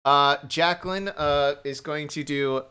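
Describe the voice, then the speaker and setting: A man narrates his character's moves in a tabletop game, rambling casually. His voice is bright and clean, sitting a little high. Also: a little slow, smooth. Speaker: player.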